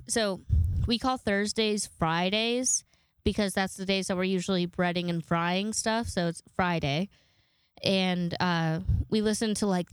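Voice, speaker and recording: A woman's voice: medium pitch, clear, resonant tone, no room sound, clean studio sound. A young woman hosting her own podcast, telling stories in a casual, self-deprecating way with lots of fillers and laughs. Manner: chatty, giggly and self-deprecating, with many fillers. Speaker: podcast host. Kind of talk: casual solo podcast chat.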